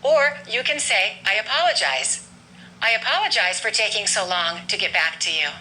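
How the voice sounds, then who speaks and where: Bright-voiced woman teaching English phrases. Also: mid-range voice, very animated, a little hiss or hum, rough recording. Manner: clear, deliberate, model phrases repeated slowly. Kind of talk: scripted English lesson.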